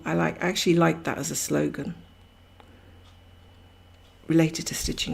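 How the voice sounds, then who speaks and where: Low, gravelly-voiced woman streaming. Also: normal speed, pauses often. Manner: rambling, chatty, laughs often. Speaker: cross-stitch livestream host. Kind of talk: casual chat while stitching, reading viewer comments.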